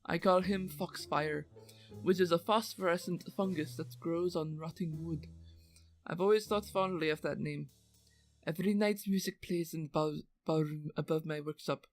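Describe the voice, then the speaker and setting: A woman's voice: on the low side, normal speed, faint music behind, natural voice. Woman reading as a lovesick brooding carver. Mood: yearning. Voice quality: wrong-accented, theatrical. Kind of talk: dramatic reading of a letter.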